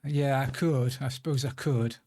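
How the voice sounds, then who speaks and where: A man's voice: mid-range voice, steady tone, normal speed, mellow, a little hiss or hum. A man streaming a building game, muttering to himself as he works and chatting in asides. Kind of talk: casual live-stream chat while playing.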